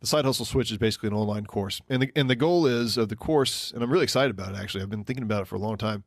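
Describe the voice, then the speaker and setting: A man with a fairly low voice chats quickly on a podcast, circling his points with ums and restarts. The sound is dry and close, with no room in it. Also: no echo. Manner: rambling, with many ums and restarts. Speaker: podcast co-host. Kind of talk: casual podcast chat.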